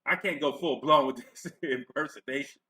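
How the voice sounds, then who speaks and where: A man's voice: mid-range voice, moderate pace, bright, forceful tone, a little hiss or hum, rough recording. A man giving a sarcastic, profane commentary rant into a clipping microphone set away from his face. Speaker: commentary vlogger. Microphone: clipping mic held away from face.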